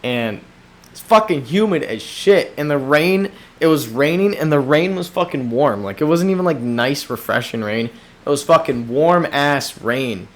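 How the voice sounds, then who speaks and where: A man's voice: a little high, normal speed. A young man hosting a solo podcast, rambling and swearing as he rants into a desk microphone in a small room. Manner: profane, rambling, animated rants. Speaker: podcast host.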